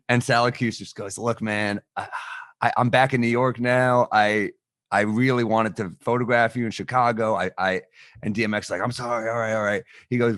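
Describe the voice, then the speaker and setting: A man co-hosting a podcast, telling a lively anecdote in casual chat and swearing freely. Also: lowish voice, brisk, no echo, clean studio sound. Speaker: podcast co-host.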